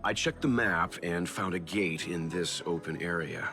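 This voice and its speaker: A deep-voiced, measured game investigator. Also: male voice, bright, forceful tone. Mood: steady. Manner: slow, deliberate, formal. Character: calm, measured older male investigator. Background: game music.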